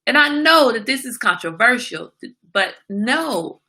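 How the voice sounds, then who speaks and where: A woman's voice: medium pitch, lively intonation, normal speed, pushed and bright. A woman hosting a casual livestream, talking emphatically and asking rhetorical questions, like a small sermon. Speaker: livestream host.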